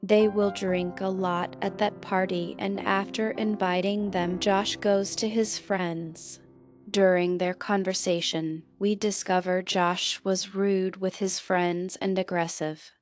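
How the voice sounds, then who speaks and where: A woman narrates a movie summary from a script, pacing herself carefully through each plot point and quoted line in a level, middle-pitched voice. Soft background music sits low under the narration.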